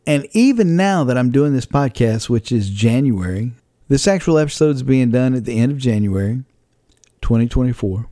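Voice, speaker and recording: A man's voice: mid-range voice, vocal fry, warm tone, no room sound, studio quality. A man hosting his own podcast, telling a rambling personal story about faith and setbacks, chuckling as he goes. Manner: conversational, rambling, chuckles often, faith-based reflection. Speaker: podcast host and radio broadcaster. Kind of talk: personal reflective monologue.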